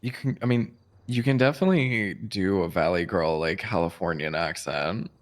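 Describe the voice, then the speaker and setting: A man's voice: sits low, moderate pace. A man chatting casually during a game. He teases bluntly and swears without a second thought. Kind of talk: casual chat.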